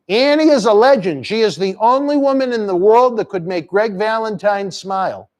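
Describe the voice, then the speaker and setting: Brash promotional talk and crude ribbing fill this man's live wrestling chat stream as he rattles through promotions and dirty jokes. He's the host, with a high, darkish voice, lively intonation, normal speed and few pauses.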